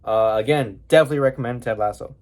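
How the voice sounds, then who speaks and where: A man's voice: mid-range voice, fast talker, darkish tone, slight background noise. A young man giving a casual, emotional review, rambling with fillers and calling his viewers bro and boys.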